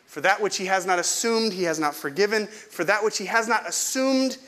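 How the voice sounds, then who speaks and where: Speaking a little fast in a high, somewhat bright voice, a middle-aged male pastor from California delivers a sermon. He keeps it conversational and self-deprecating, frequently asking the congregation questions.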